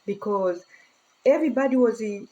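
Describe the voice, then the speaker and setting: A woman's voice: on the high side, animated, normal speed, warm tone, dull audio. A woman vlogger in a casual chat, talking in rambling, emotional broken English and laughing often.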